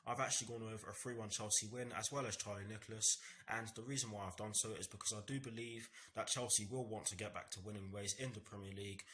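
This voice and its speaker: A man's voice: fairly low pitch, fairly even intonation, quick pace, few pauses, bright, forceful tone, slight background noise. A young man hosting a football fan vlog, talking earnestly in repetitive phrases with some stammering. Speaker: football fan channel host. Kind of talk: match preview vlog.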